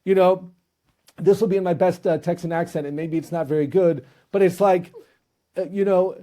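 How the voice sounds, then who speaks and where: A man's voice: high-pitched, steady tone, normal speed, warm tone. A male podcast host interviewing guests, telling a humorous story with casual restarts.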